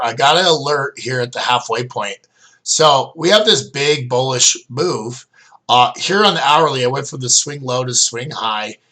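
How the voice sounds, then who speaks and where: A man's voice: mid-range voice, bright, forceful tone. A middle-aged man casually walking viewers through trading charts as their coach, rambling with lots of fillers and restarts. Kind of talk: casual screen-share chart review.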